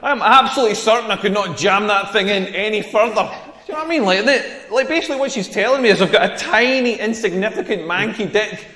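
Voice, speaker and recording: High-voiced Scottish man doing stand-up. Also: fast, bright, forceful tone. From rural Scotland. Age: 40s. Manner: brash, crude, mocking delivery. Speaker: stand-up comedian. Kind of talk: stand-up comedy set. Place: comedy club stage. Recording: roomy club with long reverb.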